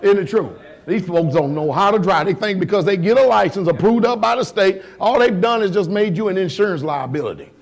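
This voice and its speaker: High-voiced preaching man. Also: animated, fairly quick, vocal fry, few pauses. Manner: preaching with swings from low asides to loud shouting; colloquial, conversational preaching with rhetorical questions. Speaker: pastor. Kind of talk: sermon.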